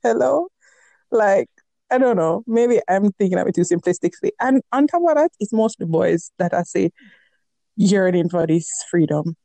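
A woman with a warm, mellow voice co-hosts a casual podcast. She talks in an animated, rambling way and laughs often. The sound is dry and close. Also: lowish voice, moderate pace, no room sound. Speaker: podcast co-host.

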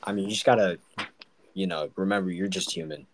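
A man's voice: low voice, a little fast, slight background noise. A man co-hosting a casual faith podcast, rambling and full of "like" and "um". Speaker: podcast co-host.

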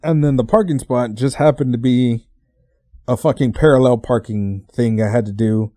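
Podcast host, twenties, from Texas; dark, relaxed tone, dry booth sound, casual profane rambling with restarts. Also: male voice, mid-range voice, normal speed, dry recording. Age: 20s.

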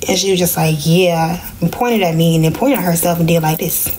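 Briskly and with a slightly mellow voice, a young podcast host shares a personal story on her casual vlog, switching to high-pitched voices for the people she quotes. There's a little hiss or hum in the recording.

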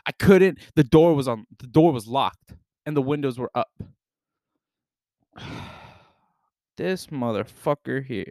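Profane, animated young man telling a story. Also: mid-range voice, moderate pace, long pauses, no room sound, studio quality. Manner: profane, animated, shouts in retold lines. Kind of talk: casual storytelling.

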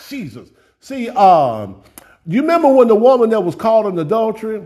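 A man with a fairly high voice preaches a sermon in a loose, folksy way. He speaks straight to his listeners and doubles back on words as he builds each point. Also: big pitch swings, moderate pace, dark tone. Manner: repeats words while building up, folksy and direct.

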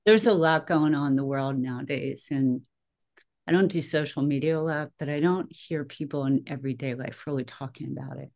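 A woman in her fifties, a guest on a podcast, telling her story in a lively, chatty way with frequent laughs. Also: extremely low pitch, brisk. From Philadelphia area. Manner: animated storyteller, laughs often, acts out her own quotes. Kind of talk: casual conversational interview.

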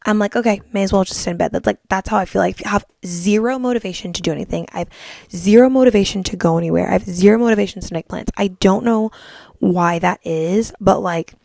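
A woman's voice: mid-range voice, quick pace, gravelly, darkish tone, no room sound, studio quality. A young woman vlogging in a bubbly, chatty way, filling her talk with "like". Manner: bubbly, chatty, heavy use of "like". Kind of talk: casual chat to camera.

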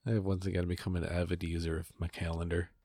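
A woman's voice: rumbling low, little pitch movement, fast, dark tone, no room sound. A young woman chatting casually with a friend, easygoing, with short, dry replies. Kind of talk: casual chat.

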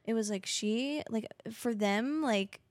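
Speaking slowly in a fairly high voice with no echo, a mother co-hosts a relaxed podcast chat from home, kids nearby. She tends to ramble, leans on fillers, and often laughs.

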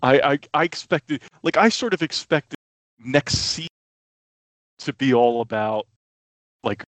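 Excitable halting male podcast host. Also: medium pitch, no room sound. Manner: excited, halting, many restarts and fillers. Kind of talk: casual chat.

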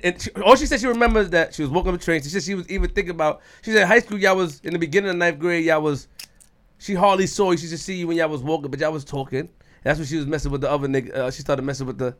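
New male podcast host, fast-talking and teasing, keeps jumping in. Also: on the high side. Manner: animated, teasing, keeps cutting in to retell gossip. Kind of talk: casual podcast chat.

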